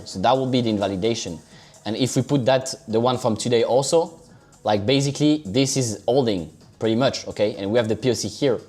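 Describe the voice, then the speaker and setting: A man's voice: medium pitch, a little mellow. A man casually commenting on trading charts to his live viewers, chatty and loose, swearing offhand and calling them guys and bro. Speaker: livestream crypto trader.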